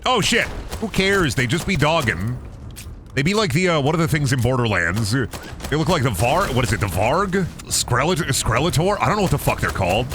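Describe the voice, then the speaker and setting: A man's voice: mid-range voice, big pitch swings, moderate pace, noisy background. A young man giving casual, goofy and profane commentary while streaming a video game. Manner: goofy, profane, playful voice swings.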